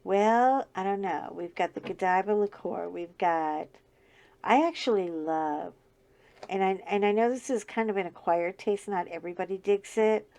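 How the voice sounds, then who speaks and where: A woman's voice: medium pitch, moderate pace, mellow. A middle-aged woman with a scratchy voice, chatting casually and laughing often as she talks through her crafting. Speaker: crafting channel host. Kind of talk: casual chat while diamond painting.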